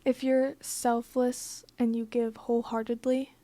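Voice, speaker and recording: A woman's voice: fairly high pitch, level tone, unhurried, warm tone, no room sound. A young woman telling a personal story in a casual, blunt and profane way, full of filler "like"s. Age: young adult. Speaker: vlogger.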